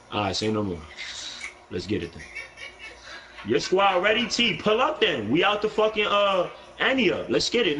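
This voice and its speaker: A man's voice: on the high side, a bit bright, a little hiss or hum, low-quality recording. A young man with a New York accent, live-streaming a basketball video game, talking in brash, profane trash talk with an aggressive edge. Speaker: gaming streamer.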